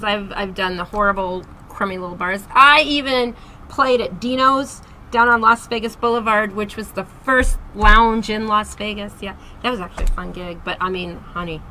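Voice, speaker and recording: A woman's voice: medium pitch, bright, forceful tone, a little hiss or hum, low-quality recording. A woman hosting a casual interview, chatty and upbeat, giving a singer's advice. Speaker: host and singing teacher. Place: Las Vegas.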